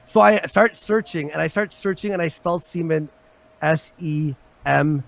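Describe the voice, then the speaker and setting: A man hosting a casual livestream chat, telling stories in an animated way and swearing often. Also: on the high side, moderate pace, gravelly, noisy background. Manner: animated, swearing storyteller who swings from loud to mumbled. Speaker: show host.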